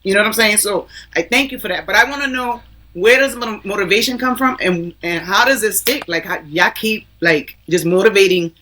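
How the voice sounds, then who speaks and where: A co-host talks in an animated, slangy way with a bright, sharp voice. Faint noise and clicks sit behind the talk. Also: medium pitch, a little fast. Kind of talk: casual chat.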